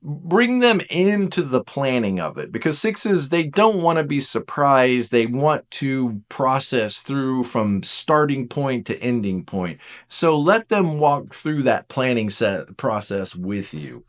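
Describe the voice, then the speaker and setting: A man teaching in a casual lecture style, animated and jokey, acting out little voices as he goes. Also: medium pitch, slow pace.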